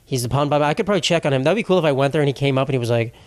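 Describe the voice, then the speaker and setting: Talking very fast in a medium-pitched voice, a young man runs a one-person podcast captured in a dry recording. He rambles through anecdotes with casual profanity and comedic flair, frequently breaking off mid-thought.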